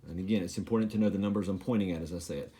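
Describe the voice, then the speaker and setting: A man's voice: low-pitched, racing, dark tone. A man teaching a recorded math lesson, making joking, self-deprecating asides while he writes.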